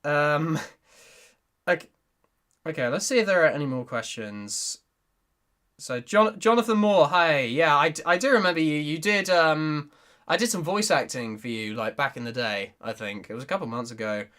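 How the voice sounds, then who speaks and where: A man's voice: fairly high pitch, lively intonation, moderate pace, a bit bright. A young man, hosting a casual livestream Q&A, reading chat and rambling with frequent giggles. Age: young adult. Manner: giggly, rambling, restarts sentences often. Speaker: YouTuber and voice actor hosting a Q&A.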